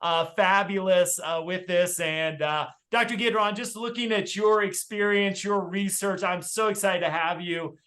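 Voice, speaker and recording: A man's voice: high voice, fairly even intonation, unhurried, hardly any pauses, fairly bright tone. A man hosting a podcast, welcoming a guest in an upbeat, filler-heavy way. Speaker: podcast host. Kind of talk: casual interview hosting.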